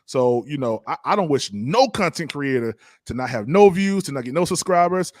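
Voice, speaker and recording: A man hosting a podcast, talking casually and a little haltingly, repeating words as he goes. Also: fairly high pitch, dry recording, studio quality. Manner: relaxed, repeats words, laughs easily. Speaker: podcast host. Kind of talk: casual live-stream chat.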